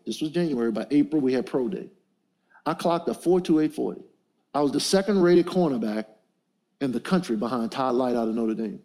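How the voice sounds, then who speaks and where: A man's voice: a little high, a little mellow. A middle-aged man preaching to a men's gathering, leading call-and-response and telling stories with emphasis. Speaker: motivational speaker.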